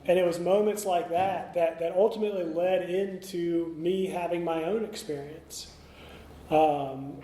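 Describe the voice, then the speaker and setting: A man's voice: on the high side, dark tone, a little hiss or hum. A middle-aged man speaking at a recovery meeting, telling his story candidly with many fillers and restarts. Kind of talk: recovery talk. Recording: echoey meeting room, faint ambience.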